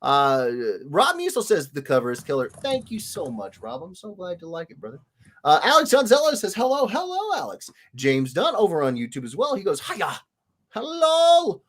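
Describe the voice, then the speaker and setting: Chatting casually with viewers, an illustrator hosting a livestream speaks briskly, his voice on the high side. He greets commenters one by one in a playful sing-song, his pitch rising and falling all the time, animated and chatty throughout.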